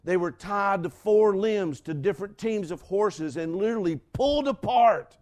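Older male pastor, high-pitched and lively, slow deliberate sermon delivery with emphatic repetition. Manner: dramatic shifts from shouting to hushed whispers, with laughs; preaching slowly with emphatic repetition.

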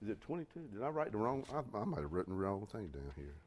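Animated preacher man. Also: fairly low pitch, fast talker. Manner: folksy, animated preaching with sudden loud bursts. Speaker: pastor. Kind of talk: sermon.

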